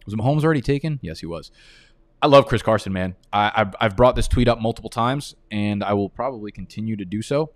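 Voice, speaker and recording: A man with a lowish voice hosts a live fantasy football draft stream. His talk is casual and rambling, with the odd curse word. The sound is dry and close, with no room around it. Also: fast, no echo. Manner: casual, rambling, swears freely.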